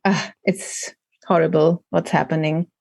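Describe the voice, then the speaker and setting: A woman with a German accent, a native German speaker, talking as an interview guest in a halting, earnest way as she searches for words. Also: sits low, fairly even intonation, creaky, a little mellow, no echo. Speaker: guest, animal rescue project head. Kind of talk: casual interview over a call.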